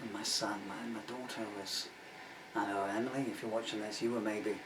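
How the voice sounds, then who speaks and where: Between songs, an English-raised singer-songwriter of Irish family, now in his sixties, rambles through self-deprecating chat full of asides. He speaks a little fast in a lowish, steady voice. The roomy room, distant mic, guitar and noisy background come through on the recording.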